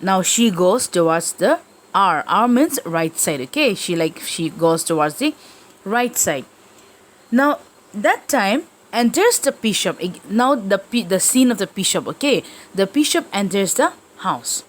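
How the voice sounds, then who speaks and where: A woman's voice: mid-range voice, very animated, a little slow, poor audio. A woman teacher explaining a play to her class, often checking in with the listeners and using fillers. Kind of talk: literature lesson explanation.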